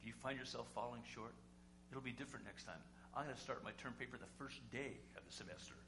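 A male pastor preaching a sermon conversationally, asking rhetorical questions and swinging between loud and quiet. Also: mid-range voice, quick pace. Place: church sanctuary. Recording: echoey room with faint hum.

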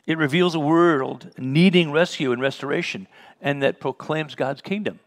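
A man's voice: a little high, normal speed. A man leading a Bible study in a conversational teaching style, telling personal stories and acting out the dialogue with a chuckle. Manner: storytelling, acts out remembered dialogue, chuckles.

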